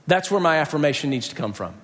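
A man's voice: a little high, expressive, quick pace, a bit bright, in a large hall. A man preaching a sermon, telling a personal story and acting out the voices of the people in it. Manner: storytelling, acts out quoted voices.

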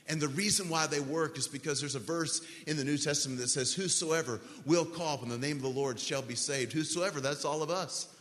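A man preaching a sermon as pastor, earnest and pleading, slowly leading the congregation through a prayer. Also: medium pitch, a bit bright. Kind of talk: sermon altar call. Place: large church hall. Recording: long church hall reverb.

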